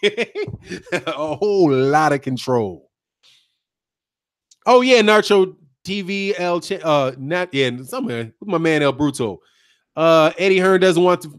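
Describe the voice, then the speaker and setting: A man hosting a boxing channel stream, chatty and animated, talking straight to his viewers and laughing often. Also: high-pitched, smooth. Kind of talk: live-stream boxing commentary.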